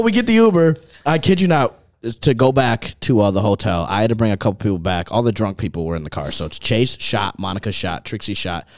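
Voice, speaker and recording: A young man spins a wild night-out story with a voice that swoops all over the place, rising high and dropping low. He swears freely and laughs through his own tales in a loose, casual way. The sound is dry and close, with no room echo around him. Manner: animated, profane, laughs through his stories.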